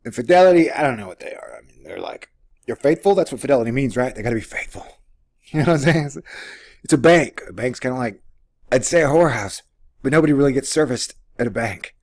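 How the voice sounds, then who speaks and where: A man's voice: medium pitch, animated, fast, a little mellow. Male vlog host, mid-range voice, sarcastic commentary on a news story, wanders off on jokes. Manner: rambling, jokey and sarcastic, with frequent asides. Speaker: host of an economics commentary channel. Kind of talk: casual commentary on a news article.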